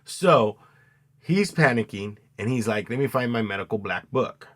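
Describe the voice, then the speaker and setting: Animated, swearing man retelling a movie. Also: lowish voice, moderate pace. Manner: animated retelling, acts out scenes with loud outbursts, swears a lot. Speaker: podcast co-host. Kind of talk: casual movie review chat.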